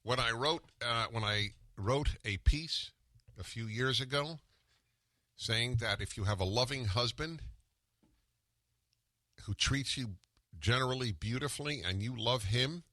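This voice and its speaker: Older male radio host, forceful and emphatic, bright edge, dry close-miked sound. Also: medium pitch, no echo. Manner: combative, interrupting, emphatic. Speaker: radio talk show host. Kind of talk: talk radio argument and commentary.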